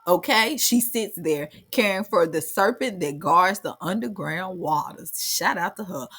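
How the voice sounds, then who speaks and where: Animated woman reading a legend with slangy asides. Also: mid-range voice, a little slow, hardly any pauses, breathy edge. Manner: slangy, animated asides, keeps saying baby. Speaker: channel host. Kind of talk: reading a legend aloud with comic commentary.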